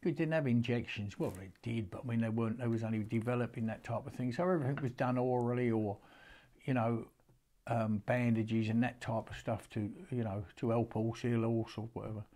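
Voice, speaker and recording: Older bloke rambling through an old story, homely, heartfelt, stops and starts. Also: male voice, mid-range voice, steady tone, fairly quick, darkish tone. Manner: rambling, homely, stops and restarts a lot, speaks with feeling. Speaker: horseman showing an antique. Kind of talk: casual storytelling to camera.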